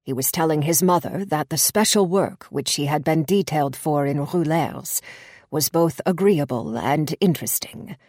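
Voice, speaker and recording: A woman reading the part of a pale, nervous male spy clerk, speaking in a measured, grim, confiding way. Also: low-pitched, darkish tone, dry recording, clean studio sound.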